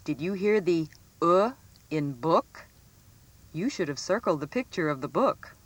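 Slow, sing-song woman teaching phonics. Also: deep voice, lively intonation. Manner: slow, clearly enunciated, sing-song emphasis on example words. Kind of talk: scripted phonics lesson for children.

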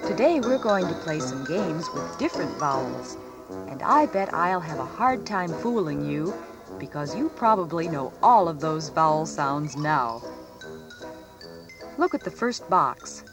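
A woman reading a scripted phonics lesson for children, stressing each example word clearly. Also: sits low, very animated, music in the background. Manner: slow, clearly enunciated, sing-song emphasis on example words. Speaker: teacher.

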